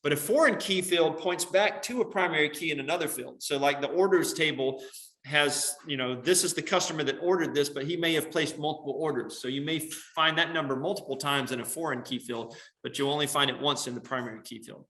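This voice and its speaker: A man's voice: on the high side, fairly quick, a bit bright. A male computer science teacher explaining a coding demo to his class step by step, with frequent "um" and "right?" checks. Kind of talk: classroom lesson on screen.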